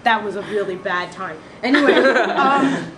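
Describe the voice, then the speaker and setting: A woman's voice: mid-range voice, measured pace, over a noisy crowd. A woman telling jokes in a casual setting, acting out the characters' lines and laughing through her punchlines. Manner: animated storyteller, laughs through punchlines and acts out quoted voices.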